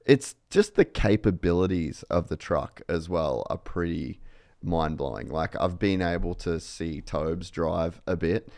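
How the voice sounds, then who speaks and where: A man's voice: low voice, lively intonation, a little slow, a little mellow, no echo, studio quality. A man hosting a podcast, talking in a laid-back, slangy way with "dude" and "bro". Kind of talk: casual podcast conversation.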